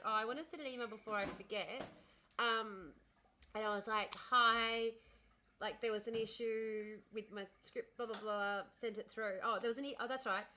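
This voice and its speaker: A woman's voice: on the high side, pushed and bright, a little hiss or hum, poor audio. Rambling chatty woman. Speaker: livestream host. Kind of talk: casual chat.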